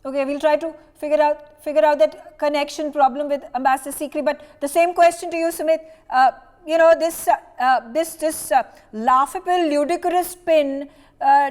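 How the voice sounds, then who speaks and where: Indian woman anchor, high voice. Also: a little mellow. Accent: Indian English. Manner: halting, repeats words while framing questions. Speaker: news anchor. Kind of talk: news debate moderation.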